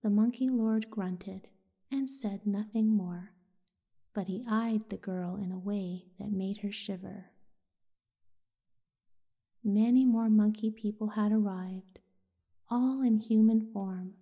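A woman telling a sleep story in a soft, soothing whisper. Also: medium pitch, steady tone, takes it slowly, pauses often, phone-quality sound.

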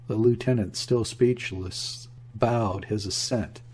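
A man narrating a classic novel in a steady, measured reading. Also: lowish voice, husky. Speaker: audiobook narrator. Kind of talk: scripted narration.

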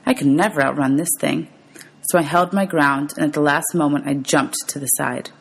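Husky low-voiced teacher reading aloud. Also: female voice, fairly even intonation, normal speed, low-quality recording. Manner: announces page numbers. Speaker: teacher reading to her students.

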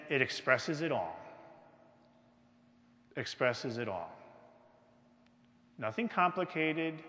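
Slow emphatic preacher guy, bright voice that swings up and down, big church echo. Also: on the high side. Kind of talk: sermon. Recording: long church reverb.

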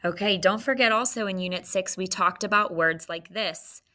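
An adult woman teacher giving a recorded phonics lesson, dictating slowly and prompting students with questions. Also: mid-range voice, pushed and bright.

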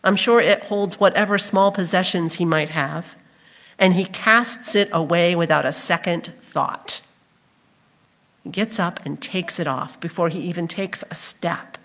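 A woman pastor preaching a sermon in a church, speaking slowly and deliberately. Her voice sits on the low side for a woman. She tells the story with expression and briefly acts out the voices in it. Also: fairly bright tone. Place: church sanctuary.

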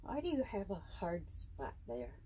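A woman in her seventies at home, talking to her pet snake in a high, sing-song baby-talk voice and laughing often. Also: very animated, unhurried, mellow, slight background noise. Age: 70s. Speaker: snake owner. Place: indoors at home.

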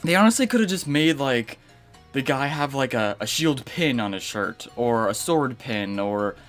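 A young adult man doing casual gaming commentary as a streamer, animated and rambling with many fillers. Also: mid-range voice, normal speed, soft background music. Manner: animated, rambling, lots of fillers, reads game text aloud.

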